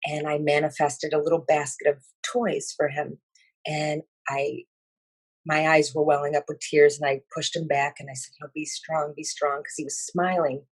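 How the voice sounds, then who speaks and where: A breathy, husky woman tells of a vision in a slow, halting way, pausing often with fillers. Her tone is earnest and emotional. The sound is dry and close, with no room echo. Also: low voice, little pitch movement. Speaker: speaker sharing a spiritual vision. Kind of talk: personal account of a vision.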